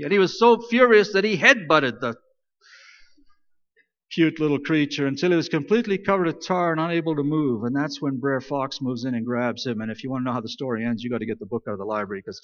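Man, pastor, conversational sermon, fairly high voice, long hall reverb, dull sound. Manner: conversational, joking, animated storyteller. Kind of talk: sermon with storytelling. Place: church.

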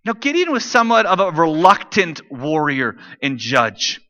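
A man preaching from the stage in a high, very bright, ringing voice. His delivery is conversational and easygoing, with joking asides to the room. The sound is a stage mic. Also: sing-song, moderate pace, dull audio. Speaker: pastor. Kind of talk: sermon.

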